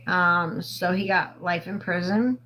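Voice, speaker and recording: Slow, rambling woman livestreaming on her phone. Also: on the low side, steady tone, bright, forceful tone, poor audio. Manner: rambling, halting with many fillers, profane. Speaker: livestream host. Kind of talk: casual livestream storytelling.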